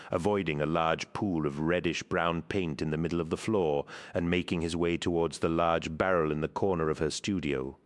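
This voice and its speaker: A man narrating an audiobook in a measured, even storytelling manner. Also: sits low.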